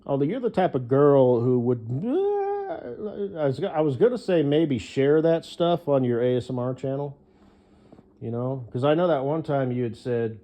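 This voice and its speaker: A man's voice: mid-range voice, sing-song, moderate pace, mellow. A man delivering a rambling one-sided monologue, swearing freely and filling his speech with hesitations. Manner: rambling, profane, full of fillers.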